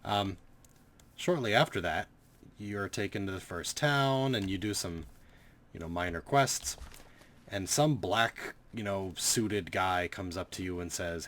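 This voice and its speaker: A man's voice: low-pitched, lively intonation, measured pace, a bit bright, a little hiss or hum. A man giving casual, rambling gameplay commentary, sarcastic and swearing freely. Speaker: gaming commentator.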